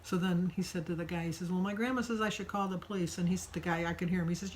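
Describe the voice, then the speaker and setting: A woman's voice: fairly low pitch, steady tone, fast talker, a little hiss or hum, rough recording. Chatty older woman telling a story. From Michigan. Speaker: vlogger. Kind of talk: casual daily vlog.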